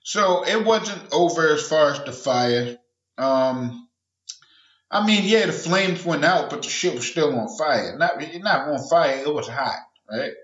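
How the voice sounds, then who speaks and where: A man's voice: fairly high pitch, lively intonation, unhurried, fairly bright tone, echoey room, lo-fi sound. A man hosting a podcast alone, ranting casually and profanely, wandering off track and acting out other people's voices. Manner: profane, rambling, acts out quoted voices. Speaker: podcast host. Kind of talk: casual solo rant.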